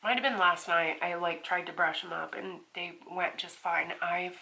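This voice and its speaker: A woman's voice: lowish voice, steady tone, moderate pace, gravelly, bright, forceful tone. A woman vlogging at home, chatting casually to camera in a rambling, profane, giggly way.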